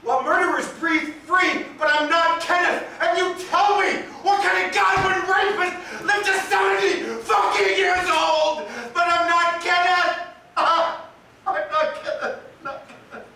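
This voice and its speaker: An actor playing a grief-stricken young man, high and echoing. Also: very animated, heavily acted. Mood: raging. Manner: halting, broken repetitions swelling into shouting. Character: grief-stricken young man mourning his little brother. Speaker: stage actor. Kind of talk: stage drama monologue. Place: theatre stage. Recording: echoey theatre from far off.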